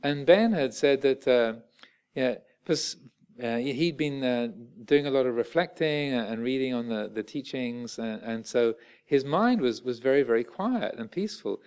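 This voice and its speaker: A man, a Buddhist monk giving a dharma talk in a halting way with many pauses and restarts. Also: medium pitch, lively intonation, darkish tone, clear, resonant tone.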